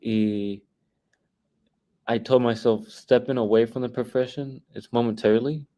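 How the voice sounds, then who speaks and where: A young man in his twenties talking casually as a guest teacher, halting with many restarts and fillers. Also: medium pitch, steady tone, mellow, low-quality recording. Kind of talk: casual interview talk.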